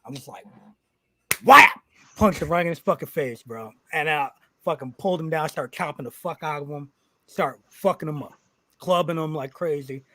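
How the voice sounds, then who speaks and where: A man who is a pro wrestler telling a story on a podcast, animated and profane, acting out what people said. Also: on the high side, brisk, no echo. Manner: animated, profane, acts out quotes. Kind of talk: casual storytelling.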